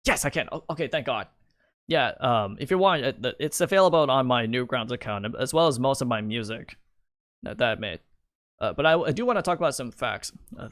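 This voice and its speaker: Young male streamer, rambling, restarting often, mid pitch, dry sound. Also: expressive, brisk, a bit bright, no room sound. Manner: stammering, restarts a lot, rambling. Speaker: streamer and video creator. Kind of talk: casual live-stream commentary.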